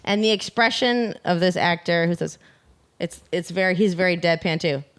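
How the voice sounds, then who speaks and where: A woman's voice: fairly low pitch, moderate pace, smooth. A woman co-hosting a podcast, chatting casually in a playful, teasing way. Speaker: podcast co-host. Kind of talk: casual chat.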